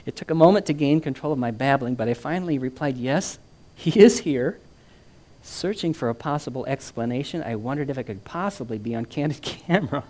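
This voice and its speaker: Man, mid-pitched voice, storyteller, animated reading, acts out dialogue, chatty asides. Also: fast talker, hardly any pauses. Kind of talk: reading a first-person story aloud with asides.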